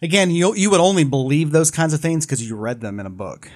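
A man's voice: on the high side, lively intonation, a little fast. A man co-hosting a live podcast, telling a long story with many restarts and asides. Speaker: podcast co-host.

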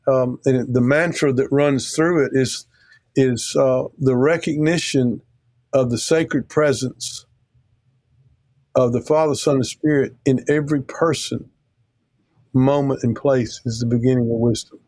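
A man's voice: mid-range voice, steady tone, unhurried, a little mellow, dry recording. An American man, a guest theologian, talking and telling stories in an earnest, emphatic way with a close podcast mic. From United States. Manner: earnest, emphatic, rambling with restarts. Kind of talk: conversational storytelling.

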